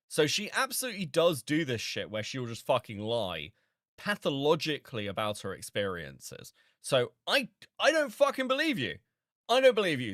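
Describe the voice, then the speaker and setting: Male commentary host, sarcastic and disbelieving, animated swooping delivery, dry close mic. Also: mid-range voice, dry recording. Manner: sarcastic, incredulous, swearing a lot. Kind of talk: reaction commentary.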